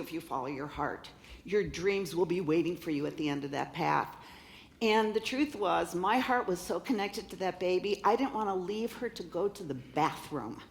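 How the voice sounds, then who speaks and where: A woman in her fifties telling a lively, laughing story as a keynote speaker. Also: fairly low pitch, echoey room, slight background noise. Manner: animated, laughing, acts out voices in quotes. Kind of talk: storytelling talk to a live audience. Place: conference stage.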